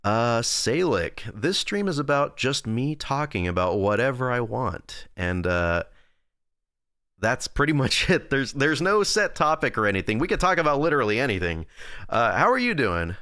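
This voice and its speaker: A man's voice: medium pitch, very animated, normal speed, sharp tone, clean tone, no room sound. A young man chatting casually on a livestream from a close desk microphone. He rambles and loses his train of thought, reads chat, and makes fun of himself. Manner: rambling, self-deprecating, reads and answers chat. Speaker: streamer.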